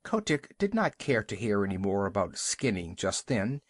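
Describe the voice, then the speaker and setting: A man's voice: lowish voice, big pitch swings, normal speed, no room sound, studio quality. A man narrating a classic animal story as an audiobook reader, telling it expressively. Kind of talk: scripted narration.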